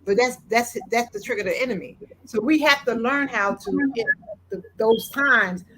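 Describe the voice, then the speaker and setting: A woman's voice: on the high side, normal speed, fairly bright tone, a little hiss or hum, low-quality recording. A woman hosting a faith-based talk on mental health, speaking earnestly and repeating herself for emphasis. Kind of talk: faith-based casual discussion.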